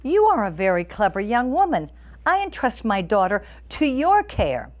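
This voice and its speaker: A woman's voice: on the high side, huge pitch swings, normal speed. Woman doing a gracious emperor, formal, approving, storybook voice.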